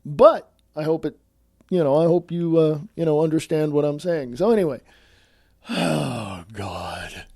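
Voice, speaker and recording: A man's voice: a little high, expressive, unhurried, a little mellow, no echo. A man hosting his own podcast, talking bluntly in a scolding, sarcastic monologue. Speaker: podcast host.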